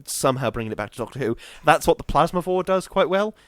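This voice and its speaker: A man's voice: on the high side, quick pace, no echo. Rambling man, dry close mic. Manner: rambling, animated storytelling with playful put-on voices. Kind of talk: casual chat.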